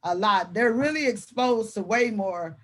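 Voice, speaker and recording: A woman educator appears as a guest in a casual conversation, telling classroom stories colloquially and laughing often. Her medium-pitched voice is expressive and a bit bright, and she speaks a little slowly.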